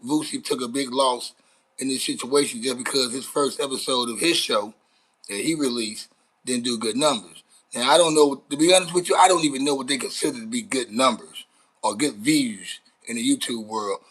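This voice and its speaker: Bright-voiced man hosting a rambling live stream. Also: mid-range voice, moderate pace, poor audio. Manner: rambling, profane, chats with viewers. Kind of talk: casual live-stream commentary. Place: Dallas, Texas.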